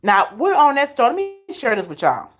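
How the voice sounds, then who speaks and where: A middle-aged woman, hosting a live stream and telling her viewers stories in an animated, chatty way, laughing often. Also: fairly high pitch, a little fast, faint music behind. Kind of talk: casual storytelling to viewers.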